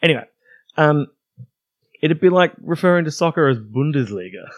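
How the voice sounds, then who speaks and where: A man's voice: on the high side, lively intonation, moderate pace. Australian guy, 30s, podcast co-host, dry self-mocking storyteller. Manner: storytelling, wry and self-deprecating. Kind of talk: casual chat.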